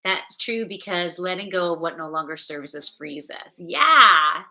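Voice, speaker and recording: A woman's voice: lowish voice, lively intonation, unhurried, pushed and bright. A woman from Ontario, Canada, chatting casually with viewers on a livestream as a yoga teacher and intuitive reader. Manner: upbeat and chatty, greets viewers by name.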